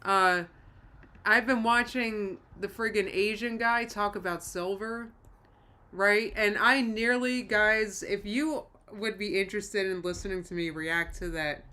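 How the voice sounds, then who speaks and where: Bright-voiced woman chatting on a live stream. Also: medium pitch, steady tone, a little slow. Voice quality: rambling, self-interrupting. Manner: chatty, laughs often, reads chat aloud. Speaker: livestream host. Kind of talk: casual live-stream chat.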